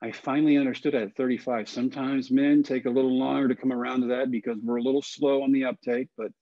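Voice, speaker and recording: A man in his forties from Texas, a podcast guest telling a long personal story in a folksy, animated way and acting out the voices of the people in it. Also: mid-range voice, quick pace, dry recording, muffled recording.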